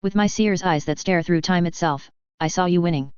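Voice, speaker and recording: A woman's voice: fairly low pitch, moderate pace, a little mellow, clear, resonant tone, no room sound, natural voice. A woman voicing a young girl who claims to be a seer, speaking with dramatic, evasive insistence, in a dull, dry recording. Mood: cryptic.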